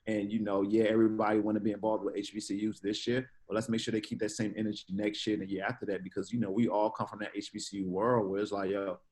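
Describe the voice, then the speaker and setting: A man talking as a guest in a casual interview, lively and slangy, acting out quoted conversations. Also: fairly low pitch, fast talker, hardly any pauses, low-quality recording. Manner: animated, slangy, acts out quoted exchanges.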